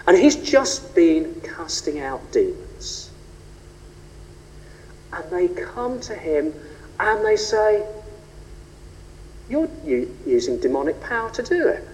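A man preaching a sermon, rhetorical and animated, rising and falling for emphasis. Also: slow, pauses often, slight background noise. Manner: animated, rhetorical, shifts pitch and pace for emphasis. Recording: long reverb of a large hall.

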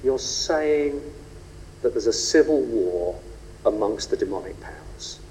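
A man preaching a sermon, rhetorical and animated, rising and falling for emphasis. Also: measured pace, slight background noise. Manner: animated, rhetorical, shifts pitch and pace for emphasis. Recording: long reverb of a large hall.

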